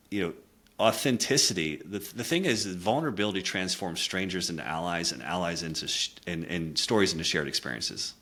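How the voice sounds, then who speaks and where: A middle-aged man, a communication coach, telling a candid personal story in an earnest, reflective way. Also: low voice. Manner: earnest, reflective, drops quiet for emotional moments.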